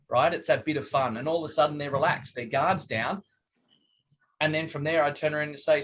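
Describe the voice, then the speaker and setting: A man's voice: on the high side, steady tone, fast talker, a bit bright, a little hiss or hum, rough recording. Chatty man coaching on a call. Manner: chatty, jokey, acts out phone calls. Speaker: business coach. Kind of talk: casual coaching talk on a group call.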